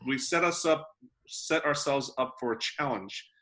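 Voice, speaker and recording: Bright, playful man podcast co-host. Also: medium pitch, measured pace. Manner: playful, joking, with frequent "um"s. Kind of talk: casual podcast chat.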